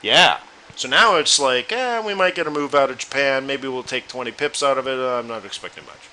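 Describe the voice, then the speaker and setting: A man's voice: mid-range voice, animated, brisk, pushed and bright, slight background noise, low-quality recording. A man hosting a live trading webinar, chatting loosely and talking straight to his viewers. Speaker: forex trading room host.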